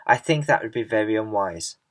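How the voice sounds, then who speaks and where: A man's voice: lowish voice, expressive, natural voice. A man voicing a courteous, wise old grasshopper. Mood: grave. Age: older. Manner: courteous, measured.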